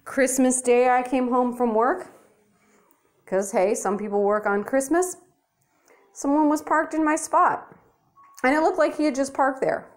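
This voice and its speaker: This young woman vlogger has a high voice and a measured pace, pausing often as she rants angrily at the camera. Blunt, profane and exasperated, she films on a handheld phone in her apartment.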